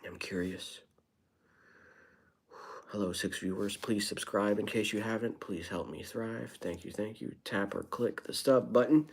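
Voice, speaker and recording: A man's voice: fairly low pitch, unhurried, creaky, slightly rough. Wry young man chatting on a live stream. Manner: wry, rambling, self-deprecating asides. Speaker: livestreamer. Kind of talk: casual live stream chat, reading viewer comments.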